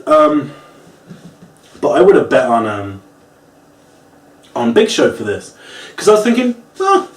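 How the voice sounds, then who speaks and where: A man's voice: medium pitch, a little slow, pauses often. A man giving a casual, ranting wrestling review, swearing often and acting out the moves. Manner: animated, swears often, acts out moves and quotes. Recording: roomy, distant from the mic.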